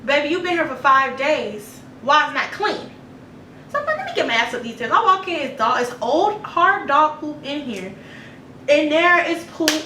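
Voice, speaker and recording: Animated woman vlogger in an echoey room. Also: sits high, moderate pace, slight background noise. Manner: animated, blunt, profane storytelling to viewers. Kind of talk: storytime vlog. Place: apartment room. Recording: echoey room, a bit far from the mic.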